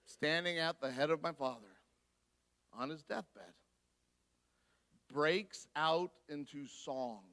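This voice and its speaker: A man giving a guest sermon, telling a personal story in an animated way and acting out the voices of the people in it. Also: a little high, takes it slowly, pauses often. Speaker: guest speaker. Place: church.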